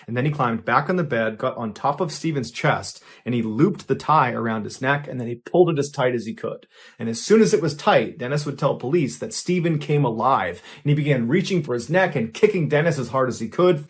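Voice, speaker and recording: Husky man telling a true crime story. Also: medium pitch, expressive, fairly quick. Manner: conversational, grave storytelling with acted-out quotes. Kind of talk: casual true crime narration.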